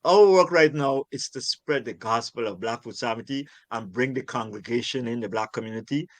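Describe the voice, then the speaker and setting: Speaking a little fast in a medium pitch, this older urban farmer from Guyana answers interview questions conversationally. The recording has no room sound, and his delivery is passionate and emphatic, often doubling up words for stress.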